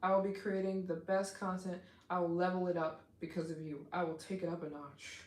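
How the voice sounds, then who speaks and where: A woman's voice: on the low side, fairly quick. Gushing woman live-streaming, roomy echo. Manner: effusive and excitable, heavy use of "like". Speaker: travel vlogger hosting a live stream. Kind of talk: casual live-stream chat with viewers.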